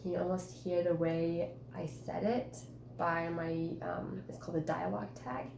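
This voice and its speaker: A woman's voice: lowish voice, steady tone, moderate pace, gravelly, background noise. Encouraging woman teacher in a roomy classroom. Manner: chatty and encouraging, with many fillers. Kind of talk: modeling a writing conference.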